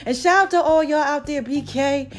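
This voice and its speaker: A middle-aged woman hosts a podcast in a casual, motivational monologue, her voice set slightly high. She is folksy and animated, swinging from singsong exclamations to low murmurs and calling her listeners baby and child. Faint music plays underneath. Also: normal speed. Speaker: podcast host.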